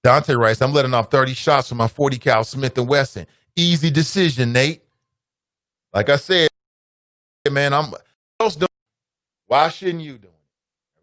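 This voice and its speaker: Cincinnati guy hosting talk radio, kinda high voice, dry studio sound, preachy. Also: a bit bright, dry recording. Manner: preachy, addresses listeners as family. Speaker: radio talk show host. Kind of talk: call-in talk radio monologue.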